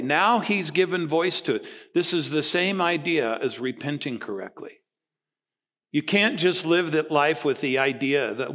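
A man in his sixties preaching a sermon as pastor, telling stories in a lively way and acting out both sides of conversations. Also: fairly high pitch, normal speed. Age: 60s. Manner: animated storytelling, acting out dialogue.

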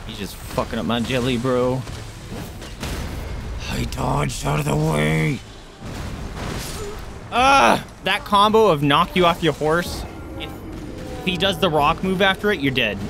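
A man streaming a game live, commentating excitably, swearing freely and taunting the enemies on screen. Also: a little high, a little slow, creaky, pauses often, music in the background.

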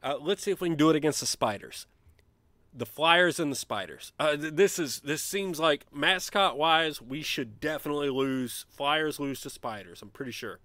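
A man streaming a college basketball management game, chatting casually and shouting gleeful trash talk when his team wins. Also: fairly high pitch, moderate pace, dry recording. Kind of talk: let's play commentary.

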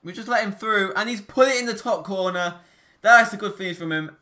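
Bright, high-voiced young gaming commentator. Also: male voice, fairly quick, faint music behind. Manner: excitable, swings from groans to shouts. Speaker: gaming YouTuber. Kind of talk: live gameplay commentary.

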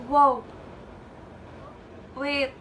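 High, excitable woman reacting to a video. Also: extremely slow, very noisy. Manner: excitable, gushing exclamations. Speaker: DJ and reaction vlogger. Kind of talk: casual music video reaction. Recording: music video playing loudly behind the voice. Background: music video playing.

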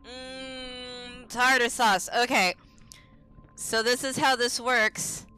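A high-pitched, bright woman streaming a game, talking at an unhurried pace. She giggles a lot and playfully dodges swearing with goofy substitute words. Casual, chatty streamer talk. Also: little pitch movement, faint music behind. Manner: giggly, playfully self-censoring with silly stand-in words. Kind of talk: casual gameplay chat.

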